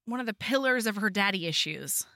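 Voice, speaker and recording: Female podcast co-host: lively and conversational, with a bright, dry sound. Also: medium pitch, fairly quick, no room sound. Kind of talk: casual chat recapping a book.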